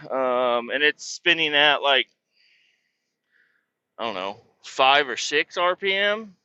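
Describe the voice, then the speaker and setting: A man's voice: medium pitch, lively intonation, takes it slowly, sharp tone, clean tone, dry recording, highs cut off. A man, a truck driver hosting his own podcast, ranting casually and profanely about his day. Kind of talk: casual rambling monologue.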